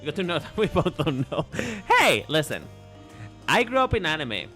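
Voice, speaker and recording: With a voice on the high side, wildly swooping in pitch, at a moderate pace and sharp in tone, a male VTuber chats casually with viewers as he plays a game live. He is playful and teasing, often repeating and restarting his words. Faint music sits behind him.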